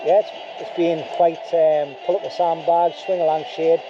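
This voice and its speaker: A man's voice: fairly high pitch, little pitch movement, normal speed, lo-fi sound. A middle-aged man, chatting casually to his handheld camera at an outdoor beach camp at night, rambling and self-deprecating. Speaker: bushcraft vlogger. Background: music playing.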